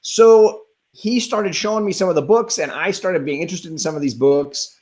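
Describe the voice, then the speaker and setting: A man's voice: high-pitched, normal speed, darkish tone. A man hosting a casual chat, talking enthusiastically and restarting his sentences a lot. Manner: enthusiastic, rambling, frequent restarts. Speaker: host.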